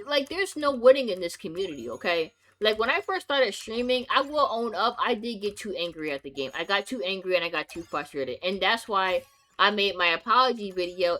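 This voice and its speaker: A woman's voice: fairly high pitch, bright, forceful tone. A young woman streamer talking casually to camera, ranting with profanity and emphatic outbursts.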